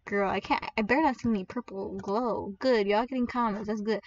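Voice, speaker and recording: A woman's voice: medium pitch, steady tone, brisk. A young woman hosting a casual gameplay video, chatting dramatically, begging the game for a rare prize and giggling often. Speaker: gaming channel host. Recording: distant, dull lo-fi mic.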